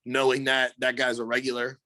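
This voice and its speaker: A man's voice: mid-range voice, monotone, fairly quick, pushed and bright, no room sound. A man co-hosting a podcast, telling a long story in a rambling, profane way, full of fillers. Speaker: podcast co-host. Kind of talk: casual storytelling.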